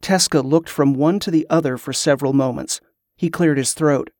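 A man narrating a fantasy novel in a steady, measured way. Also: a little high, dry recording, studio quality. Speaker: audiobook narrator.

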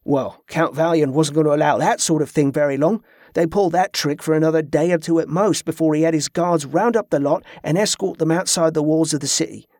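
A jovial, folksy townsman, as a male narrator plays him in a fantasy audiobook. He speaks in a relaxed, homespun way. The sound is dry and close. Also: on the high side, brisk, dry recording, close to an everyday voice. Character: cheerful local man, jovial drinker.

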